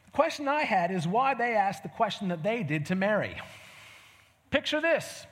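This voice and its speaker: A man delivers a sermon like he's telling a story to friends, asking question after question. His voice sits high and swings widely in pitch. A long reverb trails behind him as if he's in a big hall. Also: normal speed. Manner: conversational, animated storytelling with rhetorical questions. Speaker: preacher.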